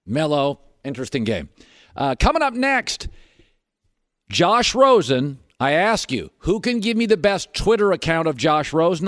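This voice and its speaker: A man's voice: fairly high pitch, no echo, clean studio sound. A man hosting a sports talk radio show, making his points emphatically, with argumentative, sarcastic asides. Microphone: studio microphone.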